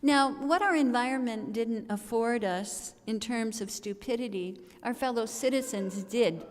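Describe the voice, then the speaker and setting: A woman's voice: a little high, a little slow. A woman storyteller giving a comic, theatrical telling at a service in a large worship hall. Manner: theatrical, comic, expressive delivery. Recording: long reverb of a large hall.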